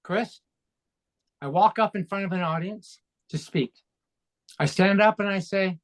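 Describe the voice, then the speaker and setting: A man's voice: high-pitched, measured pace, long pauses. A man in his sixties from Canada, a coach and speaker, talking as an interview guest in an emphatic, fervent motivational way. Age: 60s. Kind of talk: interview conversation.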